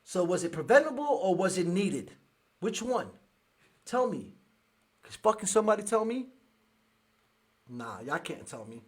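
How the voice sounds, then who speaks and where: A man's voice: high-pitched, big pitch swings, measured pace, long pauses, breathy edge. A man hosting a podcast, reacting to news clips in a furious, profane rant. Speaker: podcast host. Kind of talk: angry commentary reacting to clips.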